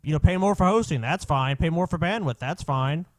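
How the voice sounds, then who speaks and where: A man's voice: a little high, a little fast, dry recording. A man co-hosting a podcast, explaining points in a casual, wry way. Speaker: podcast co-host.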